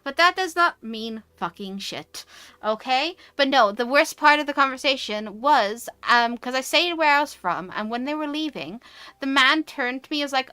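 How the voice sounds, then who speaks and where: Bright-voiced posh English woman. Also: high-pitched, moderate pace, no room sound, faint music behind. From United Kingdom. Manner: animated, ranty. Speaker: VTuber streamer. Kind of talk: casual chat.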